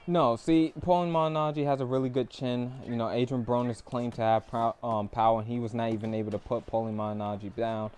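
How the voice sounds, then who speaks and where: A man's voice: medium pitch, level tone, brisk, hardly any pauses, clean tone. A young man hosting a casual gaming live stream, talking boxing in a laid-back way. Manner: laid-back, breaks into laughter and loud bursts. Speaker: stream host and boxing commentator.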